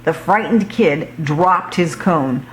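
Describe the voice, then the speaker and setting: A woman reading a children's book aloud in a slow, expressive storytelling voice. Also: low voice, background noise.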